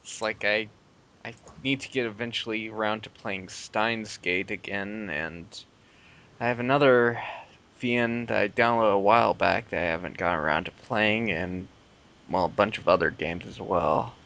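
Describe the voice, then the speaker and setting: A man's voice: fairly low pitch, normal speed, creaky, fairly bright tone. A man hosting a casual podcast chat, laid-back, chuckling often and trailing off mid-thought. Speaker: podcast host.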